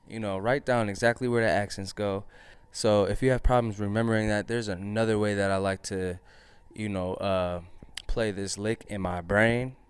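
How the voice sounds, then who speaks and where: A man teaching a drum lesson in a relaxed, chatty way, counting rhythms out loud. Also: lowish voice, normal speed, clear, resonant tone, dry recording.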